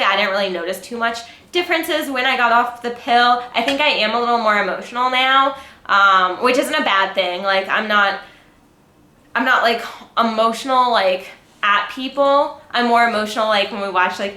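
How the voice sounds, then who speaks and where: Chatty young woman vlogging, bright and echoey. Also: a little high. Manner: chatty, rambling, lots of fillers and "like". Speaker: fitness and health vlogger. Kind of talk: casual educational vlog. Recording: echoey room.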